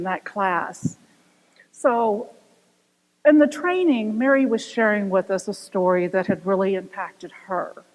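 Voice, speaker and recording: An older woman minister giving a sermon, telling stories with animated voices and asking rhetorical questions. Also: fairly high pitch. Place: church sanctuary. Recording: long reverb of a church hall.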